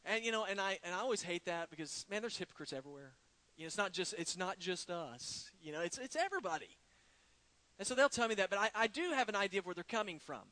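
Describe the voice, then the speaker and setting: A man's voice: sits high, expressive, quick pace, bright, forceful tone, dry recording. A man preaching a sermon, conversational, asking rhetorical questions and retelling stories. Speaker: pastor.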